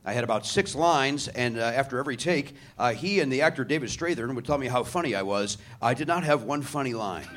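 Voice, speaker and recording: A man's voice: mid-range voice, animated, a little fast, few pauses, a bit bright, slight background noise. Guy hosting a live comedy podcast on stage, voice jumps all over, sarcastic and self-mocking. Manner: sarcastic, self-deprecating riffing with crowd. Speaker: podcast host. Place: theater stage before live audience.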